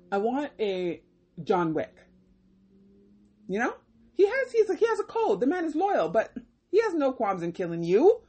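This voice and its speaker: A woman's voice: mid-range voice, darkish tone, slightly rough. A woman ranting casually about a film she disliked, exasperated and emphatic, firing off rhetorical questions. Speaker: film reviewer. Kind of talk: casual film review rant.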